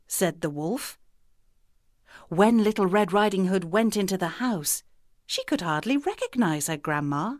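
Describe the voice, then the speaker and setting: A woman reading a fairy tale aloud for children in a slow, expressive storybook manner. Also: mid-range voice, no room sound, clean studio sound.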